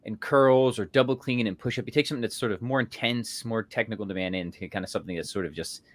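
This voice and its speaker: A man's voice: fairly low pitch, quick pace, no room sound. A man hosting a podcast, upbeat and affirming, reading out listener questions. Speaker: podcast host. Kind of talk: casual podcast chat.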